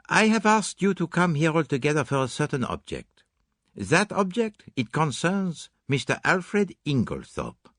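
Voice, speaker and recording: A man voicing a fussy, theatrical detective who speaks slowly and pointedly in an audiobook. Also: a little high, very animated, fairly bright tone, dry recording, studio quality, voice pushed up, exaggerated voice. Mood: grave, pointed. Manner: slow, deliberate, pointed.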